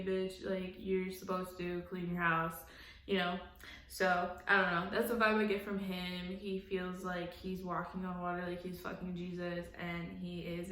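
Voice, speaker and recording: Young woman vlogger, candid and foul-mouthed, slow easy pace, recorded in an echoey room. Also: lowish voice, a bit bright. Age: young adult. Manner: candid, profane, laughs often, blunt opinions. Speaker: reality TV recap vlogger. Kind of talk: casual recap commentary.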